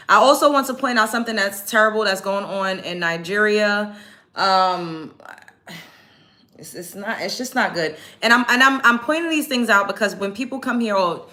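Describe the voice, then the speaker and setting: Host, woman, bright forceful voice, blunt profane commentary. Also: medium pitch, moderate pace. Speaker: show host. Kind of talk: casual commentary vlog.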